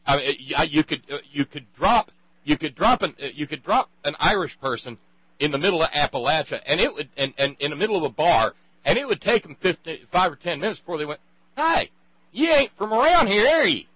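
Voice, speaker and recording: A man's voice: a little high, animated, fast talker, slightly rough, dry recording, muffled recording. Rambling emphatic male talk host. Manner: rambling, restarts often, emphatic. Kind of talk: casual radio conversation.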